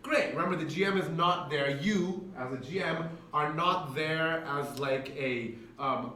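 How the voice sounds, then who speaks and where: A man's voice: a little high, measured pace, sharp tone. Man talking in an echoey hall. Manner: chatty, frequent "right?" and acted-out quotes. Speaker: presenter. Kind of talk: conference talk to game masters. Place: event space. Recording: echoey hall, voice from far off, faint room noise.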